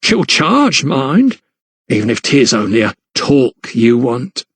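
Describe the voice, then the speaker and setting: A man's voice: medium pitch, big pitch swings, takes it slowly, husky, dry recording, heavily acted. A coarse, cackling tavern bawd who has seen every sort of man walk through her door, put on by a male narrator. She talks with a knowing, mocking edge, in a dry close recording for an audiobook. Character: fat scarred old tavern bawd woman, cackling.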